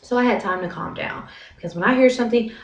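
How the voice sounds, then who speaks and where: A young American woman in her twenties, an English teacher in Korea, vlogs to camera about her job from a small windowless apartment room. Her voice is fairly high and she talks fast, chatty and dramatic with plenty of fillers. The mic is distant and the room echoes.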